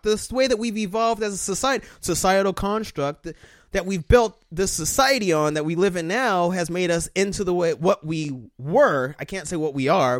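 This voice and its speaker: A man's voice: high-pitched, a bit bright, no room sound, clean studio sound. A man rambling crudely in casual podcast chat, acting out voices in his stories.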